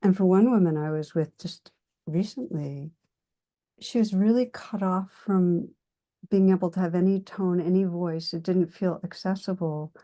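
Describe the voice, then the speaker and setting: A woman hosting an interview conversation, speaking in a gentle and measured way. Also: fairly low pitch. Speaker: host.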